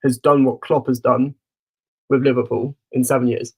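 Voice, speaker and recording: Husky man, confident slangy chat. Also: medium pitch, little pitch movement, moderate pace, a little mellow. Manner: confident, slangy, says "bro" often. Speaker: podcast co-host. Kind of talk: casual football chat.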